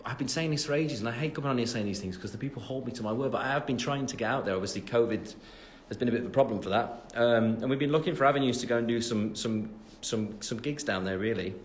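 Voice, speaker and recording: Chatting loosely on a phone livestream at home after the gym, a young man in his twenties with an English Midlands accent answers fan questions, full of fillers and self-deprecating asides. His voice is mid-range, he talks fast with hardly any pauses, and the phone camera mic picks up slight background noise.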